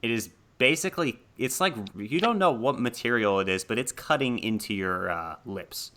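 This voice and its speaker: A man's voice: mid-range voice, lively intonation, normal speed, pushed and bright. A man narrating a tabletop horror game as game master, casual, with laughing asides and many ums.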